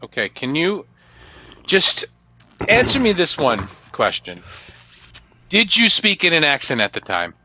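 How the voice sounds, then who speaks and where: A man's voice: a little high, wildly swooping pitch, unhurried, pauses often, sharp tone, soft background music. A man co-hosting a comedy podcast, teasing and giggling, often stammering. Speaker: podcast co-host. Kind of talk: comedic banter.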